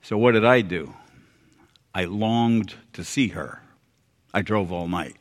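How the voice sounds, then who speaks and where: An older American man preaching a sermon, earnest and folksy, repeating phrases and dropping suddenly quiet for emphasis. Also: fairly low pitch, slow. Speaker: pastor. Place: church sanctuary. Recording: long hall reverb.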